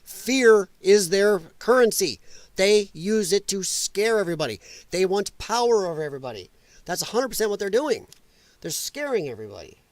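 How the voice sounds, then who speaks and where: A man's voice: high voice, very animated, normal speed, dry recording. A man hosting a livestream from home, ranting in casual political commentary and putting on mocking voices. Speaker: livestream host. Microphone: headset.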